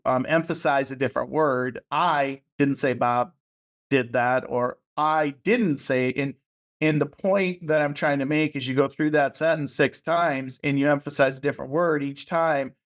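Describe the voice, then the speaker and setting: A man's voice: on the high side, fairly even intonation, moderate pace. A man hosting a podcast, chatting casually, affirming his guest and leading into questions. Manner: affirming, chatty, asks warm open questions. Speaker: podcast host. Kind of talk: casual interview conversation.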